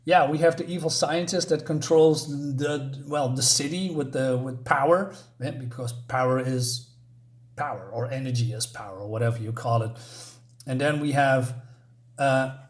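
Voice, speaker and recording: A man's voice: medium pitch, normal speed. A man giving a casual spoken comic book review, rambling with lots of fillers and restarts.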